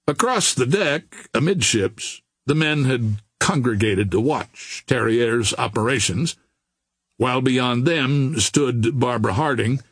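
A man reading an adventure novel aloud in a measured, unhurried storytelling manner. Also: medium pitch, breathy edge, no room sound. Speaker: audiobook narrator.

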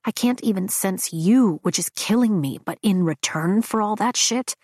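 A woman voicing a brooding young man, speaking low and slow in hushed tones in an audiobook. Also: husky, dry recording, clean studio sound, close to an everyday voice. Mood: teasing. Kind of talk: audiobook dialogue.

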